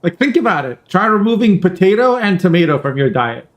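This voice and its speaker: A man casually commentating a card game tournament over a headset, joking and rambling, often clearing his throat. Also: high-pitched, big pitch swings, brisk. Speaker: tournament caster.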